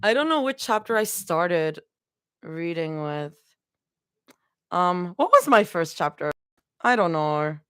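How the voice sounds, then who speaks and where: A woman's voice: lowish voice, very animated, slow pace, pauses often, clear, resonant tone, no echo, studio quality. A young woman chatting casually with her livestream audience, giggling often and rambling between thoughts. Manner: giggly and rambling, talks to chat. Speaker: livestream fanfiction reader.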